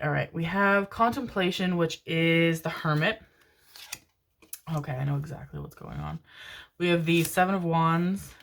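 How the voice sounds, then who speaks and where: A woman's voice: low-pitched, creaky, a bit bright, a little hiss or hum. A woman giving a casual tarot reading to camera, gushing and affectionate, swearing freely and calling her viewers darlings. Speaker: tarot reader.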